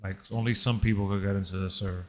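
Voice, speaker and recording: A young man with a slightly low voice, chatting easily during a game stream. His speech is loose and slangy, and he often says "bro". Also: fairly even intonation, quick pace. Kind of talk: casual chat.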